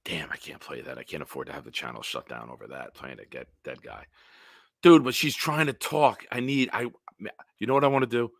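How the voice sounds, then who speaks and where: A man hosting a casual solo livestream, telling stories in a rambling, animated way with big swings in loudness. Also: low-pitched, fairly quick, gravelly, dry recording, studio quality. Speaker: livestream host.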